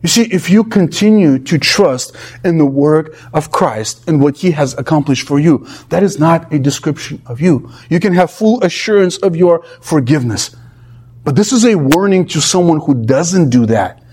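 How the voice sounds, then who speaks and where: A man's voice: fairly high pitch, expressive, moderate pace, a little mellow, slightly rough. A male pastor preaching an expository sermon with emphatic, rhythmic lists.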